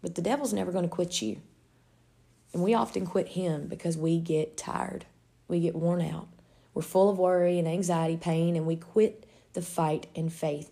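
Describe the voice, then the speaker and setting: Earnest gravelly-voiced woman preaching. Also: lowish voice, fairly even intonation, moderate pace, mellow. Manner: earnest, heartfelt, with some restarts. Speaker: devotional speaker. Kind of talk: faith-based encouragement talk.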